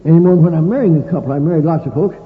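An older male preacher delivers a sermon in a folksy, story-telling way, with dry humorous asides. His voice sits a little high. The sound is tinny, as on an old recording, with a long echo from a large hall. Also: very fast.

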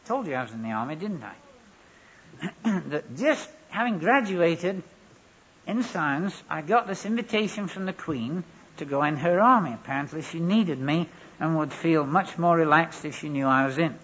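A preacher with a husky, breathy voice that sits fairly high for a man. He delivers his sermon with a wry, anecdotal humour, and the recording sounds dull and lo-fi. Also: expressive, moderate pace, fairly bright tone. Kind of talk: sermon with storytelling.

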